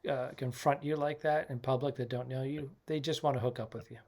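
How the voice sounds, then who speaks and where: A man in a relaxed conversation on a podcast. His voice sits at a middling pitch. He talks in an easygoing, halting way, with frequent ums. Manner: easygoing, hesitant, many ums. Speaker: touring comedian, podcast co-host. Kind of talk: casual podcast chat.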